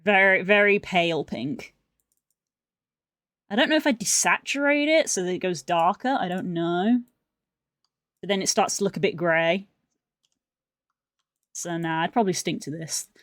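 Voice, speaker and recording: A woman's voice: on the low side, lively intonation, normal speed, long pauses, a bit bright, dry recording, studio quality. A young woman streaming while editing video, rambling and musing aloud to her chat in a casual way.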